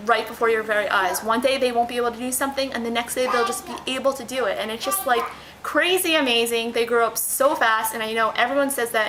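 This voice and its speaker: A woman's voice: on the high side, background noise. A young woman talking casually to her camera at home, answering a list of questions and rambling with many fillers and restarts. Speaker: vlogger.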